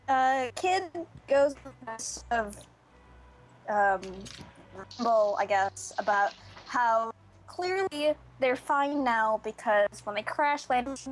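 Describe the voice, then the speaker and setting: A woman's voice: a little high, expressive, takes it slowly, low-quality recording. A woman playing a tabletop game who talks in a chatty, hesitant way with many fillers. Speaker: player.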